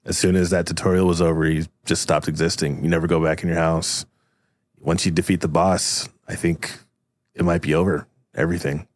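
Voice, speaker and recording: A man's voice: deep voice, level tone, brisk, dry recording. A man narrating an improvised tabletop game as game master, in a rambling, filler-heavy, amused way.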